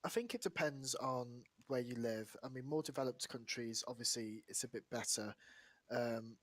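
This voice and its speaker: A man's voice: medium pitch, normal speed, no room sound. A man hosting a casual podcast, teasing his guest and telling corny jokes. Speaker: podcast host.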